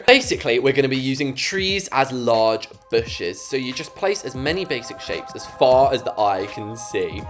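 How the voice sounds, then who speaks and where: A man's voice: medium pitch, expressive, normal speed, hardly any pauses, faint music behind. A young man from England with an English accent, chatting casually and jokily while building in a game as a vlogger. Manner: chatty, jokey, playfully dramatic. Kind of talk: casual gameplay commentary.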